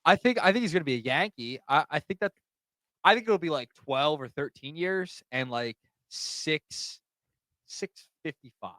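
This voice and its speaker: A man's voice: a little high, lively intonation, normal speed, a bit bright, dry recording. A man co-hosting a casual sports podcast. He quizzes his partner with prediction questions. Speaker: podcast co-host.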